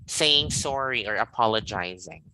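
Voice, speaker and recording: Bright, patient english teacher. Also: medium pitch, expressive, moderate pace, dry recording, low-quality recording. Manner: patient, guiding, frequent "okay" and "all right". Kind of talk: live online English lesson.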